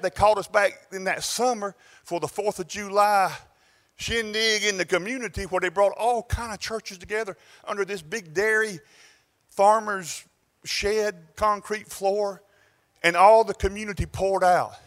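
This is a high-voiced man with a Southern US accent, a pastor delivering a church sermon. He tells stories animatedly, shifting from exclamations to quiet asides.

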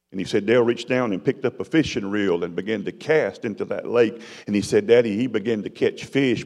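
A middle-aged man preaching a testimony, dramatic and storytelling, his voice swinging from loud to hushed. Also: mid-range voice. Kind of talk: sermon testimony. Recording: long hall reverb.

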